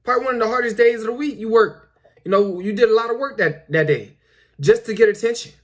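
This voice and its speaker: High-voiced young man preaching to viewers. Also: fast. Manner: repetitive, preachy, lots of "you know" fillers. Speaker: commentary video host. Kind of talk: casual monologue to viewers.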